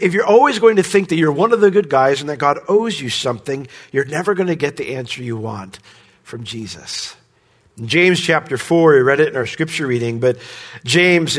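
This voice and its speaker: A pastor preaching a sermon, who climbs high and loud when he voices other people's demands and drops low and soft at the ends of phrases. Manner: rises sharply in pitch and volume when voicing the criminal's demands.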